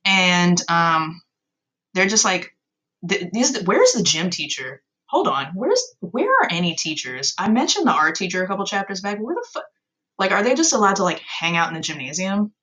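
A woman's voice: fairly low pitch, sing-song, normal speed, pushed and bright, rough recording. A young adult woman hosting a video, recapping a story in casual commentary with sarcastic, swear-filled, exasperated asides.

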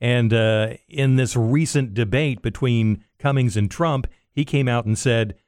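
A man's voice: medium pitch, measured pace, a little mellow, no echo. A man co-hosting a radio morning show, reading the news and teasing the host with dry humor. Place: radio studio. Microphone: studio microphone.

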